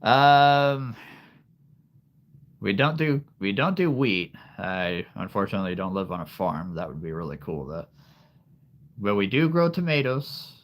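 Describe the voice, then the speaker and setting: A man's voice: lowish voice, expressive, measured pace. A man hosting a live stream, chatting casually with viewers, laughing often and answering their questions. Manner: laughs often, easygoing, reads and answers chat. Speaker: livestream host.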